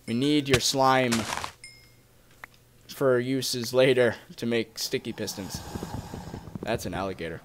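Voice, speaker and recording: A man's voice: mid-range voice, slow, pauses often, noisy background. A young man giving casual, chatty commentary as he plays a video game, talking to his viewers. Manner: chatty, excitable, talks to viewers. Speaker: Let's Play gamer.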